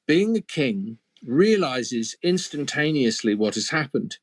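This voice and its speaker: A very animated man with a medium-pitched voice takes his time recounting an old fairy tale, captured in a dry recording. He tells it casually, sprinkling in playful asides for his audience.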